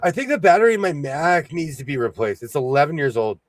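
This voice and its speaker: A man's voice: fairly high pitch, very animated, fast, dry recording. A man hosting a sewing livestream in casual chat, playful, breaking into bits of song and laughter.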